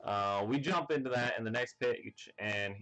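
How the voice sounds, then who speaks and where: A man's voice: medium pitch, moderate pace. A man casually recapping a comic chapter, rambling with lots of filler words and playing out the characters' lines as he goes. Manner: rambling, full of "you know" and "like" fillers; excited, acts out characters' lines. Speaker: manga reviewer.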